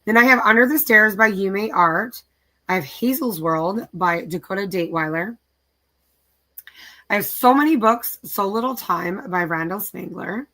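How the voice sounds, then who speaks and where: A woman's voice: medium pitch, pushed and bright. A middle-aged woman hosting a casual craft live stream, chatting and listing her projects aloud in a tired, easygoing way. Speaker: craft channel host.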